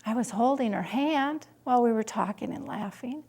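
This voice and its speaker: A woman's voice: lively intonation, normal speed, gravelly, a little mellow, husky, full character voice. A woman putting on a tearful teenage daughter. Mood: explaining. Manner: high, strained, and pleading. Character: tearful, defensive nineteen-year-old daughter.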